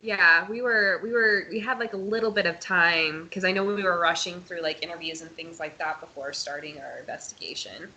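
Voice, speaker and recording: A woman's voice: fairly low pitch, brisk, few pauses, bright, forceful tone, poor audio. A woman chatting casually as a co-host, giggling and chiming in. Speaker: podcast co-host. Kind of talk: casual chat.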